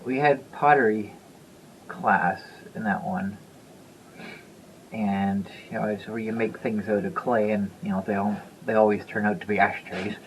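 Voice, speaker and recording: A man's voice: lowish voice, fairly even intonation, a little slow, a little hiss or hum, rough recording. A man in his fifties telling a story to the camera in a loose, rambling way, chuckling and repeating himself. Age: 50s. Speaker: vlogger. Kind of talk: casual storytelling.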